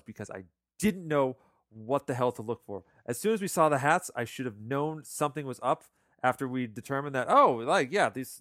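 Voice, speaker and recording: Lively, halting man talking film. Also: medium pitch, no echo, studio quality. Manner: animated, halting with many restarts. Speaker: podcast co-host. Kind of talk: casual film discussion.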